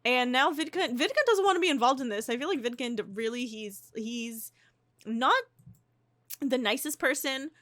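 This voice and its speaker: A woman's voice: high-pitched, moderate pace, fairly bright tone, dry recording, clean studio sound. A young woman giving casual, chatty gameplay commentary, often restarting and gasping. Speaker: life-sim gameplay narrator. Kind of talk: casual let's-play commentary.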